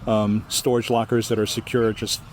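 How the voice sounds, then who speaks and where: A man from Hawaii with a Hawaiian accent, telling a ghost story as a guest storyteller in a lively, animated way. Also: fairly low pitch, moderate pace, noisy background. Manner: lively, animated, acts out the voices. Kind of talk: oral storytelling in an interview.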